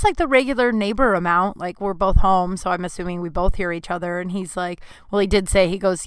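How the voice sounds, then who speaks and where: A woman's voice: on the low side, fairly even intonation, fast, few pauses, no room sound, clean studio sound. A woman in her thirties hosting a podcast, telling a rambling, candid story in casual chat and acting out the voices of people in it. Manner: candid, rambling, swears freely, acts out quotes. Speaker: podcast host.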